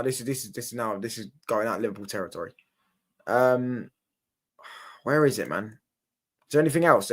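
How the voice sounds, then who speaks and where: A brash, sweary young man giving rambling reaction commentary on football. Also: medium pitch. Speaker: football watchalong streamer.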